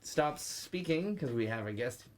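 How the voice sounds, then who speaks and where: A drunk man co-hosting a podcast, rambling excitably and swearing freely. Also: fairly high pitch, measured pace, a little hiss or hum. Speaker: podcast co-host. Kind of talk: casual chat.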